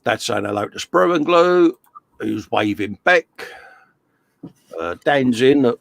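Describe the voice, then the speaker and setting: This middle-aged British man, speaking British English, runs a casual live stream in his home workshop, chatting away and reading viewers' messages aloud. He has a mid-range, creaky voice, animated but slow, with no room sound.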